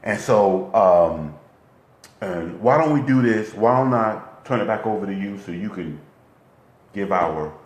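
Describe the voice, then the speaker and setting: Man, relationship coach, motivational, animated pitch, echoey room. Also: measured pace. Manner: lively, repetitive, checks in with "okay?". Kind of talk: motivational talk.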